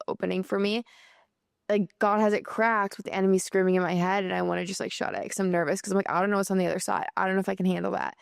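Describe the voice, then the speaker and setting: A woman's voice: on the low side, vocal fry, smooth, no room sound, studio quality. A young woman in her twenties talking casually and earnestly about faith and mindset, with lots of filler words. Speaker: podcast host.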